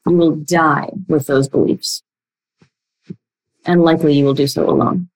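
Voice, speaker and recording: Young adult woman, coach talking to camera, slightly low voice, blunt and emphatic, uneven pace. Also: steady tone, darkish tone, rough recording. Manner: blunt, emphatic, speeds up and slows down a lot. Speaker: relationship coach. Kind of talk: direct-to-listener coaching talk.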